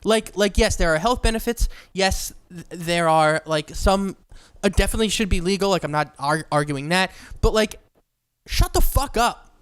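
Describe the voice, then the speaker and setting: A man's voice: high voice, moderate pace, fairly bright tone, clean tone. A man co-hosting a podcast, ranting comically and swearing in casual chat. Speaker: podcast co-host.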